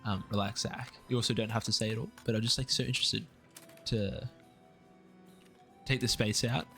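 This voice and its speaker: A man's voice: fairly low pitch, fairly even intonation, normal speed, gravelly. Young aussie guy rambling on a game stream, casual and upbeat, swears a bit, faint music under him. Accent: Australian. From Australia. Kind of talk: casual live-stream gameplay chat. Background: faint background music.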